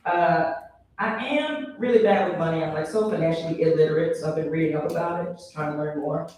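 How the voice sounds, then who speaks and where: High-voiced man doing stand-up, echoey hall. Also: a little fast, a little mellow, distant mic. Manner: bursts into shrill high-pitched mock voices for quoted people. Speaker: stand-up comedian. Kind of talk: stand-up set. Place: comedy venue stage.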